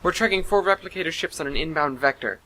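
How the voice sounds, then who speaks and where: A man's voice: a little high, bright, forceful tone, pitched above the performer's own voice, rough recording. A man voicing a stressed female sensor officer reporting in a hurry. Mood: tense. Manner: hurried, tense.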